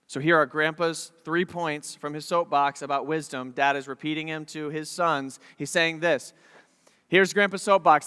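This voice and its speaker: A male pastor preaching a sermon in an animated, jokey way, often acting out quotes. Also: high-pitched, long reverb tail.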